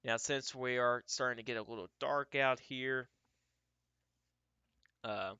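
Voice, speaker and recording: Male storm-tracking streamer, casual think-aloud delivery, smooth bright tone. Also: medium pitch, steady tone, a little slow, no echo, muffled recording. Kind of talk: live weather commentary.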